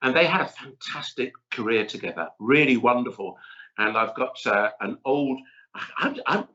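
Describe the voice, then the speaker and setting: Middle-aged male chef guest, lively and chatty storyteller; bright tone over dull audio. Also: mid-range voice, normal speed. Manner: chatty, animated, rambling storyteller. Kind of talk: casual interview chat.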